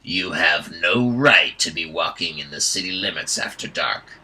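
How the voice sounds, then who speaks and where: A man voicing a fat, pompous male hobgoblin captain who speaks slowly with a thick accent. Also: low voice, animated, bright, forceful tone, breathy edge, pitched below the performer's own voice, exaggerated voice, low-quality recording. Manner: slow, pompous, commanding.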